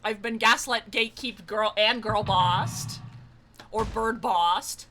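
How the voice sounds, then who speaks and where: A young woman streaming a game, excitable and loud, swearing, laughing and screaming as she plays. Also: mid-range voice, slow pace, a little hiss or hum. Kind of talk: let's play commentary.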